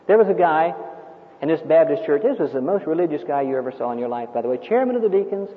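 A man with a high voice preaches emphatically, telling stories and firing rhetorical questions at his listeners. The recording is thin and phone-like, and a long hall reverb hangs behind his words. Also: animated, fast talker. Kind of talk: sermon.

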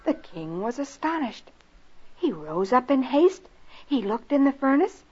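A woman narrating a rhyming children's story and lesson in a slow, expressive, sing-song way, on a lo-fi recording. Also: high-pitched. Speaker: narrator and teacher. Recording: lo-fi recording with soft music.

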